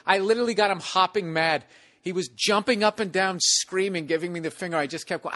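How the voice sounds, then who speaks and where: His voice sits high and moves at a quick pace, with no echo. A Boston-accented man in his forties, he tells stand-up stories in a casual chat, swearing often and performing the people in them, even hollering hecklers.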